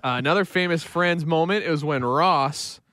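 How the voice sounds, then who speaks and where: A man's voice: a little high, moderate pace, a bit bright, dry recording, clean studio sound. A man co-hosting a casual chat show, wisecracking and joshing his co-hosts. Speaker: podcast co-host.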